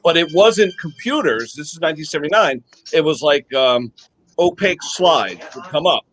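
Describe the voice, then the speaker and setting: An older man from the United States telling lively anecdotes in casual chat, often checking in with a quick "okay?". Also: a little high, rough recording. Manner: animated storyteller, checks in with "okay?" tags. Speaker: guest on live chat.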